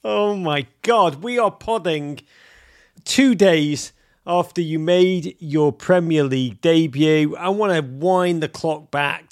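Playful, jokey podcast host, fairly high voice. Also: male voice. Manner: jokey, theatrical. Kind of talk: playful interview.

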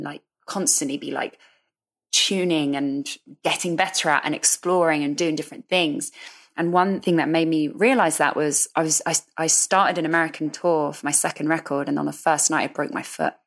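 Guest: woman, low voice, open and self-deprecating, quick to laugh. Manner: chatty, candid, self-deprecating, laughs often. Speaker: musician guest. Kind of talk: candid interview chat.

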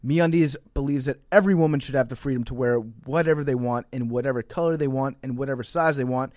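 A man's voice: medium pitch, quick pace, darkish tone, dry recording. Man reading ads, dry close sound. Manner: joking, crude asides. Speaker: podcast co-host. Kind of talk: ad read.

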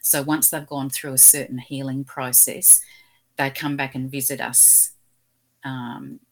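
A woman, an animal communicator, telling gentle, earnest stories in an interview and acting out the quotes. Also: rumbling low. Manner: gentle, earnest storyteller who acts out quotes. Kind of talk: storytelling interview chat.

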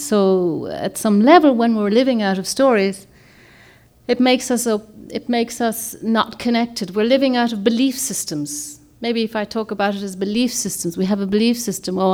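A woman's voice: mid-range voice, normal speed, darkish tone. A woman author giving a reflective, rambling talk to a group, often searching for words and restarting her sentences. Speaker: author and speaker.

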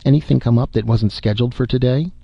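A man reading the part of an obese, world-weary male government secretary with a rumbling, wry voice, in a dull recording. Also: fast talker, vocal fry, husky, no room sound. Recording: dull muffled audio.

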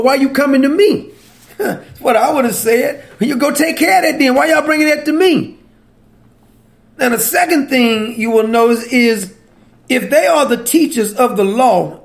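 With a high, creaky voice, a man delivers a sermon that's teasing and conversational. He repeatedly questions the people listening. Now and then he chuckles at his own remarks.

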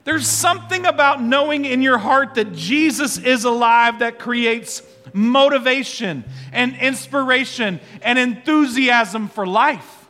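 A man preaches from the pulpit in a high, bright, forceful voice, drawing his congregation into call-and-response. His words ring out with a long hall reverb, and soft music plays underneath. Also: unhurried. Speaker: pastor. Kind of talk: sermon. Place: church sanctuary.

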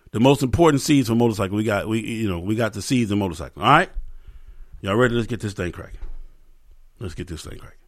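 A man's voice: medium pitch, a bit bright. A man hosting a podcast, talking in a loose, profane, joking way, with lots of asides to his listeners. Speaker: podcast host. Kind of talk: casual comedic podcast rant.

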